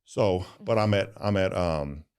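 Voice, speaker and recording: A man's voice: sits low, a little slow, a little mellow, smooth. A man from the St. Louis area, a guest on a casual interview podcast, telling personal stories in an earnest, rambling way full of "like" and "right?". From St. Louis area, USA. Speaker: podcast guest, donut shop owner.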